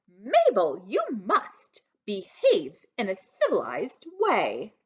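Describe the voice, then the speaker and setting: A stern storybook mother barks loud, sharp orders at her daughter, as a woman reads her part. The voice swoops up and down with lively pitch, and the recording sounds dull and lo-fi. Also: takes it slowly, breathy edge, exaggerated voice. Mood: scolding.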